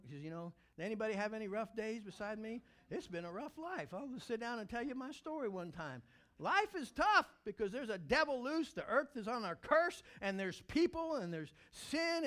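A man preaching a sermon as pastor, telling animated stories and breaking into loud excited shouts. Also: sits high.

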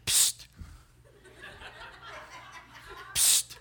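A man's voice: high-pitched, sing-song, moderate pace, sharp tone, a little hiss or hum, full character voice. A man voicing a cheeky male parrot that taunts a customer, in a mocking, wheedling tone. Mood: sly.

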